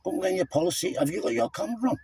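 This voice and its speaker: A man's voice: high voice, lively intonation, racing, gravelly, a crowd in the background. A man in his fifties arguing at the roadside in a combative, lecturing way, calling the officer "mate" over and over. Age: 50s. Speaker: stopped motorist. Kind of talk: heated roadside argument. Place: roadside, by a car.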